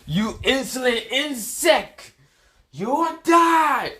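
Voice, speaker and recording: A sneering alien overlord with a shrill, strained voice that swoops into shouted threats. He sounds arrogant and cruel, looking down on everyone. The voice is pushed far above a normal man's range. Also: sing-song, slow, heavily acted. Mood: furious.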